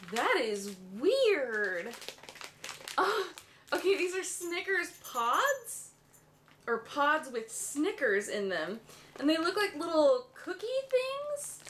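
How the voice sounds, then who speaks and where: A gushing woman from the USA, with a high, bright voice, unboxes gifts at home with frequent gasps and exclamations. The recording has a faint background hiss. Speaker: beauty vlogger. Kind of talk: excited unboxing chat. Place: home room with her dog nearby.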